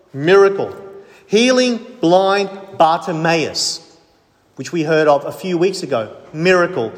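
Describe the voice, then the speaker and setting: A man's voice: on the high side, big-room sound. A man preaching a sermon as pastor, emphatic, stressing points in lists.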